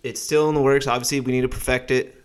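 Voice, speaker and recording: A man's voice: mid-range voice, little pitch movement, fast talker, clear, resonant tone. A man co-hosting a casual sports podcast, laid-back and cussing casually as he runs through player names and picks. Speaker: podcast co-host.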